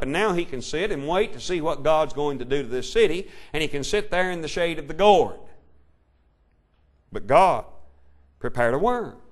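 Man preaching with a lively, swooping voice. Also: on the high side. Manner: rises and falls between loud preaching and quiet asides; old-style King James reading cadence. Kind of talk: sermon with scripture reading.

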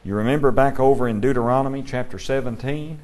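A man's voice: medium pitch, fast talker, darkish tone. Man teaching a Bible class; asks questions, reads verses aloud.

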